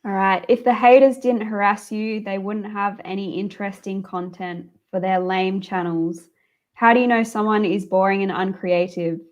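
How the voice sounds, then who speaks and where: A woman in her twenties from Australia, calmly co-hosting a livestream over a video call. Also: mid-range voice, moderate pace. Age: 20s. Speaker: livestream co-host. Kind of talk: casual livestream chat.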